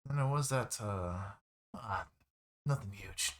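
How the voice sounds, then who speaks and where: A man's voice: lowish voice, slow, a bit bright, a little hiss or hum. A man voicing a friendly but flustered neighbor who hedges and stammers, in a tabletop game. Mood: evasive. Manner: hesitant, full of ums and trailing phrases.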